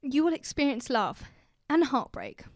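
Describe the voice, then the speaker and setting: A British woman co-hosting a podcast, chatting casually and reading a letter aloud in a gentle, reassuring way. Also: sits high, huge pitch swings, measured pace, no room sound, clean studio sound. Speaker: podcast co-host.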